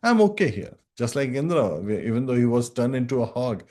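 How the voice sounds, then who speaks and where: A man's voice: medium pitch, brisk, dark tone. A man giving a devotional scripture class, speaking earnestly to his devotees, reciting Sanskrit verses and often checking in with "right?". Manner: earnest and instructive, addresses listeners as dear devotees.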